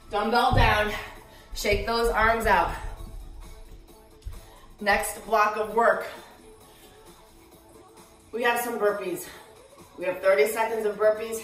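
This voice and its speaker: A woman fitness instructor coaching a live workout, out of breath, cueing moves and counts with energetic encouragement. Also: a little high, heavy reverb, distant mic, rough recording.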